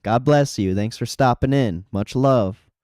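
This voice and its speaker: Man livestreaming, casual chatter, laughs a lot, curses, smooth clear voice, dry close mic. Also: medium pitch, measured pace, a little mellow, no room sound. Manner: chatty, laughs often, swears freely. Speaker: livestreamer reading chat. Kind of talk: casual live chat about stock trading.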